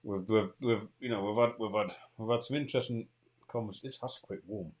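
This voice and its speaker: A man with a Geordie accent whose voice sits low for a man. He blusters along in a matey way, circling back to the same phrases again and again in comic banter. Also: fairly even intonation, a little fast, a little mellow. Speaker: co-host.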